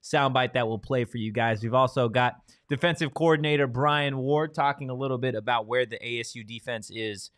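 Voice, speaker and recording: A man hosting a sports podcast who talks in a relaxed, casual way and teases his co-host. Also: medium pitch, a little fast, few pauses, smooth, dry recording, studio quality. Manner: relaxed, teasing banter. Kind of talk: casual sports show chat.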